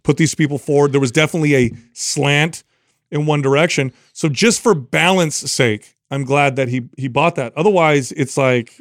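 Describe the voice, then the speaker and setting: A man in his forties talks emphatically in a casual podcast chat, stumbling over his openings before he makes his point. His voice sits a little high and the sound is dry and close. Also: normal speed, dry recording. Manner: emphatic, repeats words when starting sentences. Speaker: podcast co-host. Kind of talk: casual discussion.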